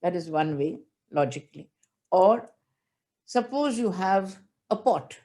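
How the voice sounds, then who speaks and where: A woman's voice: fairly low pitch, expressive, measured pace, warm tone. Older woman giving an emotional religious discourse. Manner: emotional, emphatic storytelling with chanted verses. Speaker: spiritual teacher.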